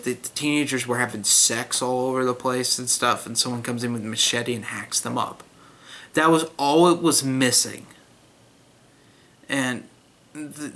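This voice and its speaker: A man's voice: medium pitch, bright, forceful tone. Blunt young man reviewing a book. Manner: blunt, critical, with frequent fillers and restarts. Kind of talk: casual spoken review.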